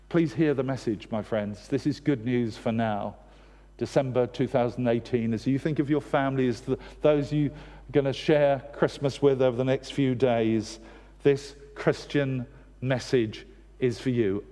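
A man's voice: mid-range voice, mellow. A man preaching a sermon, earnest and direct, with wry humorous asides. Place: church. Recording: long church reverb.

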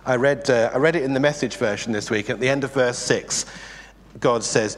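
A man preaching a sermon in a conversational, animated way, asking the congregation rhetorical questions. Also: mid-range voice, brisk. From England. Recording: long reverb in a hall.

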